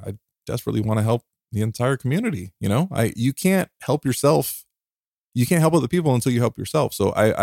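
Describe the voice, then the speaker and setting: A man hosting a podcast alone, talking in an earnest, heartfelt way, emotional and near tears, often restarting and laughing softly. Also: lowish voice, creaky, no room sound, studio quality. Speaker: podcast host. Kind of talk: reflective solo podcast monologue.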